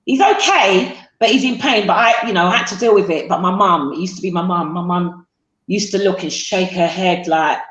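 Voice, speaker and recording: A woman speaks as an interview guest, halting and full of fillers and restarts. Her voice sits in a roomy space and sounds slightly dull. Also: on the low side, fairly bright tone. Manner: halting, tearful, with self-deprecating jokes. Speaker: guest, mother. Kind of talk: emotional interview.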